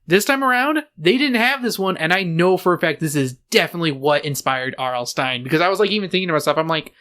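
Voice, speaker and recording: A man's voice: a little high, expressive, fast, few pauses, bright, forceful tone. A man co-hosting a book podcast, talking in a loose, joking way with lots of fillers and restarts. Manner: joking, rambling, full of fillers. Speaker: podcast co-host. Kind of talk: casual chat.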